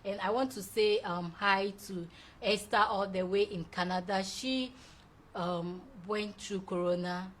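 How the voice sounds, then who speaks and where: A woman's voice: mid-range voice, unhurried, slight background noise. A young woman hosting a show, chatting effusively and laughing often as she reads out viewer messages. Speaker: show host. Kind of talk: casual live-show chat reading viewer comments.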